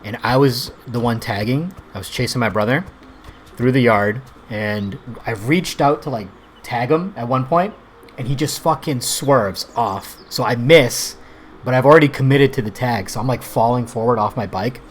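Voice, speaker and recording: A man's voice: mid-range voice, normal speed, a little hiss or hum. A man in his thirties telling rambling, profane childhood stories while playing a game, laughing as he goes. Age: 30s. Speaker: gaming video host. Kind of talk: casual storytelling over gameplay.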